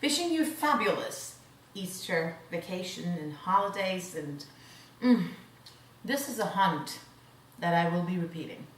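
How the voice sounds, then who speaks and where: A woman's voice: lowish voice, lively intonation, a little slow. A woman hosting a cooking show who demonstrates a dish and savors the food aloud in an effusive way. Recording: roomy sound, mic at a distance.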